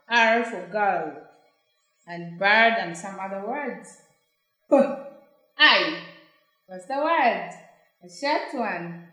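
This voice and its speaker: A woman's voice: medium pitch, pushed and bright. A woman teaching phonics, sounding out words letter by letter in a patient, encouraging way. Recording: very echoey room.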